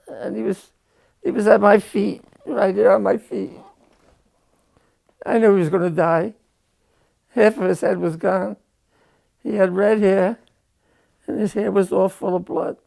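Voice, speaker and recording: An older man giving a halting, emotional personal war testimony, repeating phrases as he recounts. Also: high-pitched, gravelly, a little mellow.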